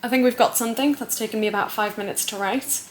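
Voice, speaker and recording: A woman's voice: fairly high pitch, fairly even intonation, quick pace, reverberant, a little hiss or hum. A woman chatting casually to camera at home, thinking aloud in a self-deprecating way. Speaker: vlogger.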